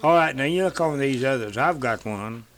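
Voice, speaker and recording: A man's voice: medium pitch, animated, normal speed, fairly bright tone. An older man telling family stories in a rambling way, in rural dialect, repeating "he said" and swearing freely. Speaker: interviewee. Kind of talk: rambling folk storytelling.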